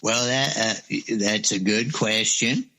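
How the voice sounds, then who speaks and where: A man's voice: mid-range voice, slow pace, bright, forceful tone. A man with a Louisiana accent, guesting on a comedy radio show, rambling and hesitant and mangling names. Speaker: comic guest.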